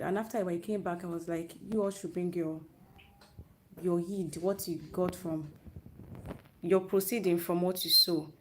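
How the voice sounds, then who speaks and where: A woman's voice: fairly low pitch, a little hiss or hum. A woman giving an earnest, motivational faith talk to young people on a live stream, often restarting her phrases as she goes. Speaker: youth speaker. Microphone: live stream, own network.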